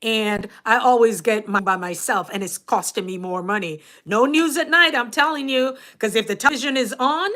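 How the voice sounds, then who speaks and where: A woman with a Jamaican accent hosts a casual livestream, talking in a fairly high voice. She is chatty and animated, laughs often and greets viewers by name as they drop in. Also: normal speed, hardly any pauses. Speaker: YouTube coach and livestream host.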